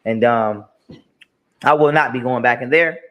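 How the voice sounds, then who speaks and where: A man's voice: medium pitch, a little slow, sharp tone. A man in a played clip ranting emphatically about his own experiences, repeating himself and swearing often. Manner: emphatic, repetitive, profane. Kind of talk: ranting monologue.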